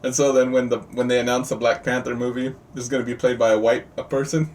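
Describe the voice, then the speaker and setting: A man's voice: mid-range voice, level tone, fast, hardly any pauses, darkish tone. A man teaching a live online class over a video call, chatty and jokey, often quizzing his students. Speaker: trading teacher. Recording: distant mic with faint noise.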